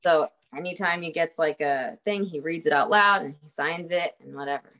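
A woman's voice: low voice, normal speed, fairly bright tone. A young woman telling a story in a casual chat, laughing often and swearing freely, with lots of fillers.

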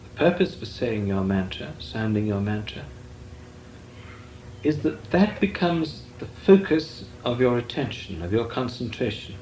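An older man, a Benedictine monk, giving a measured, deliberate talk on meditation with long pauses. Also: medium pitch, expressive, a little mellow. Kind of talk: slow meditative spiritual talk. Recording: echoey room with faint noise.

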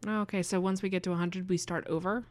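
A young woman co-hosting a casual improv podcast, soft-spoken, dry and teasing. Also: fairly low pitch, fairly even intonation, quick pace. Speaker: podcast co-host.

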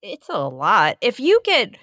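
A woman in casual chat, telling a story eagerly and acting out the scenes with quick laughs. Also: a little high, huge pitch swings, sharp tone, dry recording, clean studio sound. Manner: enthusiastic storyteller, laughs easily, acts out movie scenes.

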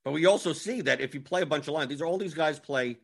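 A man's voice: fairly high pitch, gravelly, husky. A man as fantasy sports analyst, in a casual strategy breakdown, thinking aloud and rattling off lineups. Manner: rapid, scattered, thinks aloud while scrolling lineups.

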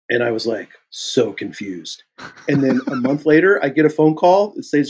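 Husky man telling animated stories. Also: moderate pace. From Kansas City, USA. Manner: animated storyteller who acts out both sides of dialogues, jumping high in pitch. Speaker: guest actor. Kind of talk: casual interview storytelling.

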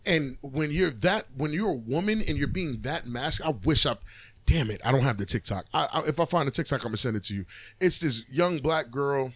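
A man's voice: mid-range voice, a little fast. Blunt, profane man in casual chat. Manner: blunt, profane, animated storytelling. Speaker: podcast co-host.

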